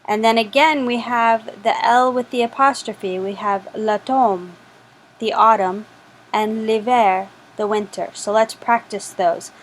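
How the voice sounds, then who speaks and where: A woman's voice: a little high, fairly even intonation, a little slow, low-quality recording. A woman teaching a French lesson, patiently repeating each word for practice. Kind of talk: slow spoken language lesson.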